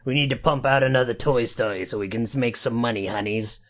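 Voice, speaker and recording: A man's voice: mid-range voice, fast talker, a bit bright, lightly acted. A man doing an impression of a cash-hungry male animation studio boss, in a mocking tone.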